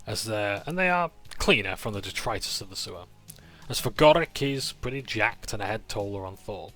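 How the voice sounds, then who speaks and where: A man's voice: lowish voice, lively intonation, normal speed, a bit bright, faint music behind. A man recapping a tabletop game session in a casual, rambling way. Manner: rambling, with fillers and restarts.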